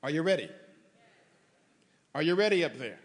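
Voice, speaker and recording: Male preacher, high and animated, joking asides into shouted fervor, reverberant church. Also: normal speed. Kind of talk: sermon. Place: church sanctuary.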